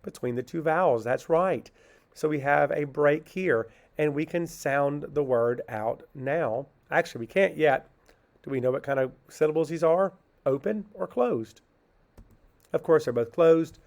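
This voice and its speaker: In a slow, patient phonics lesson for children, a man asks and then answers his own question, sounding out words one syllable at a time. He has a creaky, medium-pitched voice that's a little mellow.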